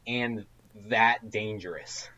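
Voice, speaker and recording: A man in casual podcast chat, halting and emphatic, with frequent restarts. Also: lowish voice, bright, forceful tone, lo-fi sound.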